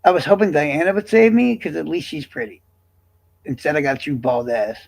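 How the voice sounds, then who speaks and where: A man livestreaming, talking to his chat in a casual, profane, defensive rant that swings between loud and quiet. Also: a little high, fairly quick, vocal fry.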